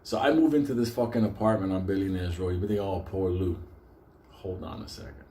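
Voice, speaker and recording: A man hosting his own show, telling a comic story with constant swearing and animated bursts. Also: low voice, a little fast, slight background noise. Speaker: show host. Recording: echoey room with faint ambience.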